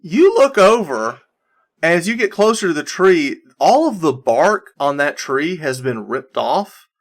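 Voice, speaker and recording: A man's voice: a little high, very animated, unhurried. Rambling male game master narrating. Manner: rambling, with many fillers and restarts.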